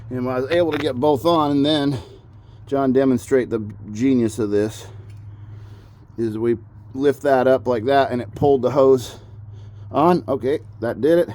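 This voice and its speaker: Chatty joking dad working on a car outdoors. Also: male voice, mid-range voice, a little mellow. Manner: chatty, joking, self-mocking. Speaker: father and host of a backyard mechanic channel. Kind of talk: casual vlog narration while working on a car. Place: outdoors in a backyard garage area, rain starting.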